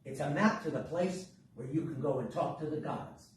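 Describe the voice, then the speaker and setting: A man's voice: fairly high pitch, normal speed, far from the mic, slight background noise, close to an everyday voice. A man voicing a blunt, impatient very old woman in a spoken story, talking in a brusque, matter-of-fact way. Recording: echoey room from afar.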